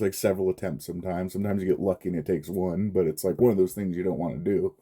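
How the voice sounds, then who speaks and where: A man recounts a bad day in a loose, rambling rant. His voice is very dark and mellow, and he swears often and laughs between lines. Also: mid-range voice. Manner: profane, frustrated, laughs often. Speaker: vlogger. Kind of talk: casual storytelling rant.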